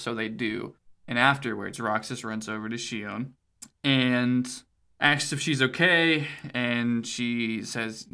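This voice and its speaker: A man's voice: medium pitch, fairly even intonation, measured pace, sharp tone, clean tone. A man co-hosting a podcast, recapping a video game's story in casual chat, rambling, swearing and laughing often. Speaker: podcast co-host.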